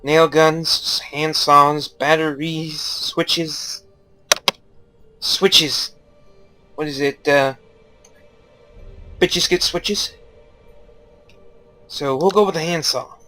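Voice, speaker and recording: A man's voice: fairly high pitch, steady tone, drawn-out words, long pauses, sharp tone, soft background music. A young man giving casual, rambling game commentary, joking and swearing freely. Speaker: gaming YouTuber.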